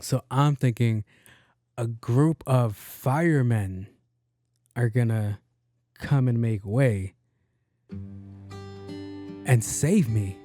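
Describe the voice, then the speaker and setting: A man hosts his podcast and spins a story in a loose, profane style, slipping into the voices of the people in it. His voice is mellow and warm. The sound is dry and close, with no room echo. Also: mid-range voice, slow pace, long pauses, soft background music. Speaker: podcast host. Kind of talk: casual storytelling.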